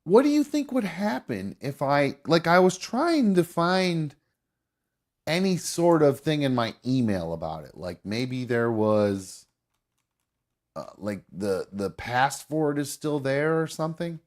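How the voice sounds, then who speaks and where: A male host chatting casually on a live talk show. His pitch swings widely, lively and animated. He rambles, restarts sentences and swears freely. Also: slow pace. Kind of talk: casual chat.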